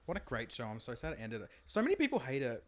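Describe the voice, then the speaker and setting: A young man co-hosting a podcast in campy, excitable casual chat. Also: mid-range voice, quick pace. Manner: campy, excitable, bursts into loud laughter. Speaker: podcast co-host.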